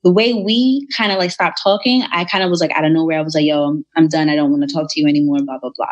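A young woman telling a personal story in a casual, animated way, acting out the people in it. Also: low voice, fast talker, highs cut off. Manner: animated, retells dialogue in voices.

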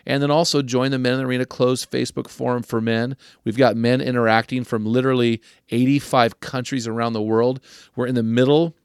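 An older man hosting a podcast, giving earnest advice to men and slowing down to stress key questions. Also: mid-range voice, little pitch movement, smooth, dry recording, studio quality. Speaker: podcast host.

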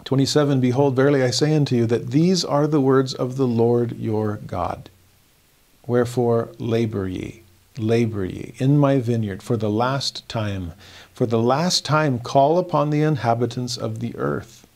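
A man giving a devotional scripture lesson, reading verses slowly and earnestly and rising in emphasis as he explains them. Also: medium pitch, vocal fry, a little mellow. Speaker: scripture teacher.

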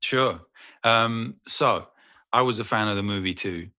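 A man chats about acting in a low but bright, forceful voice. His talk rambles and turns self-deprecating. The sound is dry and close. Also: measured pace, dry recording. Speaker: actor and guest. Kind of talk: casual interview chat.

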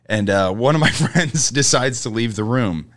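A man's voice: medium pitch, lively intonation, moderate pace, a bit bright, no room sound. A young man, a guest comedian, telling a funny story in casual podcast chat, laughing often as he goes.

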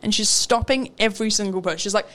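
A woman's voice: mid-range voice, quick pace, fairly bright tone. A young Australian woman co-hosting a show, telling a story in casual chat, acting out the dialogue and laughing often. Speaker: radio show co-host.

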